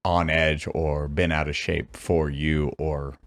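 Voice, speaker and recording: A man in his thirties hosting a podcast interview, telling stories loudly with laughter and swearing. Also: rumbling low, flat delivery, slow pace. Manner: loud, laughing storytelling with swearing. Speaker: podcast host.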